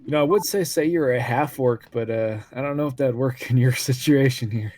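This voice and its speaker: A man playing a tabletop game over voice chat, quick and joking. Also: medium pitch, a little mellow. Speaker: player.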